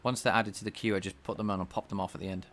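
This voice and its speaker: A man with a slightly nasal voice, thinking out loud as he codes live and talks to his chat. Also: fairly low pitch, little pitch movement, very fast, soft background music. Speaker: game developer streaming his coding. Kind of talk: casual live-coding chat.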